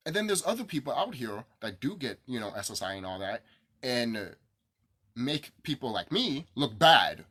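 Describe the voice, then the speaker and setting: Profane man ranting, husky and bright. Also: medium pitch, very animated, fairly quick. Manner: angry, profane, repetitive ranting. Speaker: vlogger. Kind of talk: ranting to camera.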